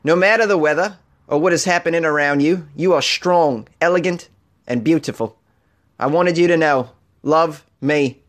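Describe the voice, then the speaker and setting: A man's voice: on the high side, normal speed, voice pushed up, natural voice. A man putting on an amateur Australian accent to voice a fond cyclist reading a love letter to a tree in a sing-song way. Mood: tender. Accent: Australian, put on.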